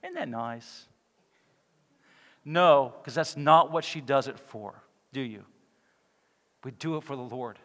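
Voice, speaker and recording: A man preaching from the pulpit with fervor, his voice rising to loud exclamations and then dropping to near-whispered lines. His pitch sits in a middling register for a man. The sound rings with the long reverb of a church hall. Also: unhurried. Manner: impassioned preaching, swinging between loud exclamations and hushed lines. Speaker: pastor. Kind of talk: sermon. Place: church sanctuary.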